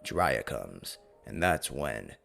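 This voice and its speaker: Sex: man. Role: channel host. Style: casual story narration. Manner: profane, rambling. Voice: very low, gravelly, faint music behind. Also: big pitch swings, slow pace, fairly bright tone.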